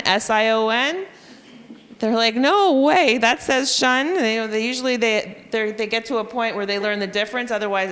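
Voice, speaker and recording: Reading teacher in an echoey hall. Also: female voice, mid-range voice, a bit bright. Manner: explanatory, sounds out letters and spellings. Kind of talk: professional development talk to teachers. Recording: long hall reverb.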